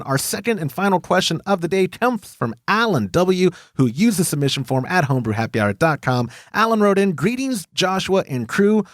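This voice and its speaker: A man's voice: fairly high pitch, no echo. Texan guy hosting a chatty podcast, voice bounces up and down a lot, dry close mic. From Texas. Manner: lively, jokey, reads listener emails aloud. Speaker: podcast host. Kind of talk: casual podcast chat.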